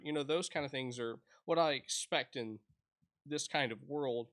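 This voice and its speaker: A man's voice: medium pitch, normal speed, fairly bright tone. A man giving casual, rambling commentary while he plays and reviews a small indie game. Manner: rambling, chatty, self-interrupting. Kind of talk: casual let's-play commentary.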